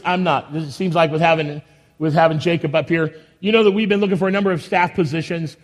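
A man with a high voice leads his congregation from the pulpit. He talks in a folksy, rambling way, full of enthusiasm and frequent restarts. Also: moderate pace, long pauses. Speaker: pastor. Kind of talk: church announcements and sermon. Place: church sanctuary.

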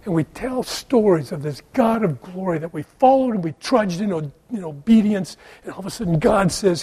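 A man preaching a storytelling sermon. His voice sits fairly high but sounds mellow and slightly husky. He drops to near-whispers, then rises into loud, emphatic questions. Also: lively intonation, normal speed. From United States. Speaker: pastor.

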